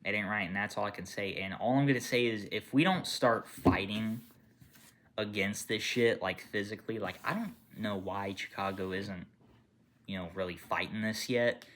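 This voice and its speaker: A man angrily ranting to camera with lots of swearing, rambling and restarting, swinging from low mutters to loud outbursts. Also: normal speed. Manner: angry, profane, rambling with restarts. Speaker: gaming channel creator. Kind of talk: unscripted political rant to camera.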